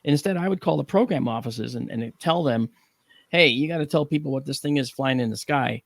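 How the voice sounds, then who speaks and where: A middle-aged man on a talk panel, telling a story with animated, acted-out dialogue and frequent 'okay?' check-ins. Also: medium pitch, fairly quick, creaky, no room sound. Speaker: panel guest.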